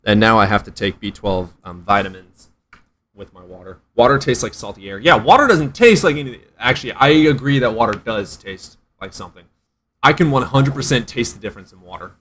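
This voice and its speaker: A man hosting a casual livestream, reading chat aloud, excitable and quick to swear with loud outbursts. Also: mid-range voice.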